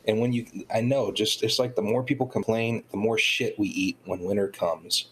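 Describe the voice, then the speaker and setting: A man's voice: lowish voice, steady tone, brisk, hardly any pauses, slight background noise, rough recording. A man from North Georgia, chatting casually and bluntly, with a lot of swearing. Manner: profane and blunt. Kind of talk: casual chat.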